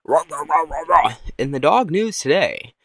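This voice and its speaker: A man's voice: fairly high pitch, sing-song, normal speed, creaky, no room sound, clean studio sound, voice pushed up, exaggerated voice. A man voicing a dog who reads the news in a chipper announcer manner. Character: upbeat dog news reporter.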